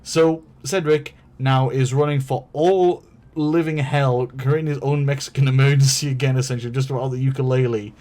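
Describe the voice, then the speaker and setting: A man's voice: mid-range voice, a little mellow. Rambling man telling a story. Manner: rambling, lots of fillers and restarts, swears. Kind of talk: casual storytelling.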